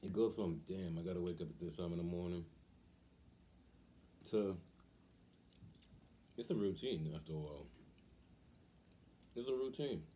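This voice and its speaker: A young man hosting a vlog, telling a casual story in an animated way and acting out the voices of the people in it. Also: deep voice, a little slow, long pauses, slight background noise. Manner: animated, acts out quoted voices. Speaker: vlog host.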